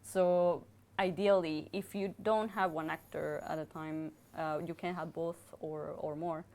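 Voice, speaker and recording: Hesitant low-voiced woman sound designer. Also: steady tone, unhurried, darkish tone. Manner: hesitant, many fillers. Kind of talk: panel chat on a livestream.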